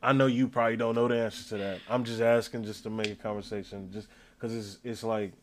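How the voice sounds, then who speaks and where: A man's voice: fairly low pitch, fairly even intonation, fast talker, slight background noise. A man from the United States in casual, profane chat, firing off rhetorical questions.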